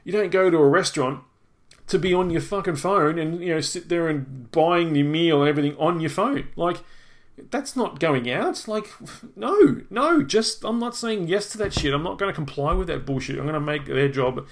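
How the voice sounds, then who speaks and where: A man's voice: a little high, fairly quick. Profane ranting man. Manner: profane, exasperated complaining. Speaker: podcast co-host. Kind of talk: casual ranting storytelling.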